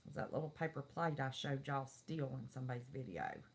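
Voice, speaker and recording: A woman's voice: very deep voice, sing-song, a little fast, creaky. A middle-aged woman, chatting folksily with viewers on her live stream. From West Virginia. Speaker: livestream host. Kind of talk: casual live-stream chat.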